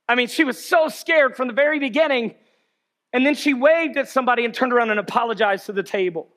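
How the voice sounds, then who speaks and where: High bright-voiced man preaching. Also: quick pace. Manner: swings between shouted preaching and low storytelling asides. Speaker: pastor. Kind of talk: sermon.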